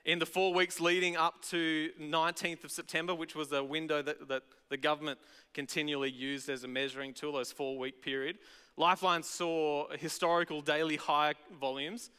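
Bright-voiced Australian pastor preaching. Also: male voice, on the high side, moderate pace, clean tone, long reverb tail. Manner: conversational and animated, acting out voices. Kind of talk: sermon. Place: large church auditorium.

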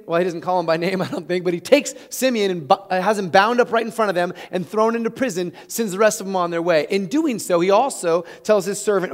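A man preaching a sermon, retelling a scripture story in an animated, conversational way with chuckles. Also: sits high, quick pace, few pauses. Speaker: pastor.

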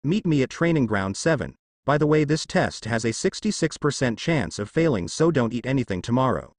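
A man's voice: medium pitch, lively intonation, a little fast, dry recording, close to an everyday voice. A man voicing a lazy, offhand adult ninja teacher in a fan fiction reading, close to his own voice.

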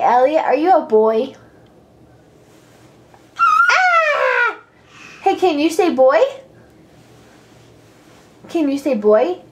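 A woman's voice: high-pitched, darkish tone, a little hiss or hum. A mother at home playing with her toddler, talking in a coaxing, singsong baby-talk voice and laughing often.

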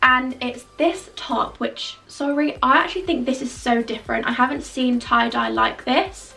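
A young woman with a raised, gravelly voice gushes about clothes in a chatty, filler-heavy way. She sounds a little out of breath and sits back from the microphone, with faint music playing behind her. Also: high voice, moderate pace, bright, forceful tone. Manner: bubbly, gushing, chatty with many fillers. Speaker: fashion vlogger. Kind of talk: casual try-on haul chat. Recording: distant mic with faint background music.

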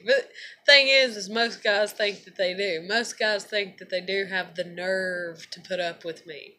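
Gal vlogging, bright tense voice, swears a lot, sounds worn out, faint hum behind. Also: female voice, medium pitch, fairly even intonation, measured pace. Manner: rambling, profane, laughs often. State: tired. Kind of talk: casual venting to camera.

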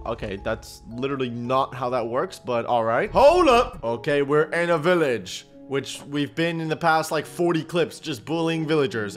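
A young man giving excitable, slang-heavy reaction commentary on game clips, laughing often. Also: fairly high pitch.

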